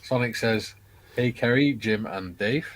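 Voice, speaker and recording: Man, mid-pitched, casual live-stream co-host, reads comments, faint hiss behind. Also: a little slow, rough recording. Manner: cheerful, reads comments aloud.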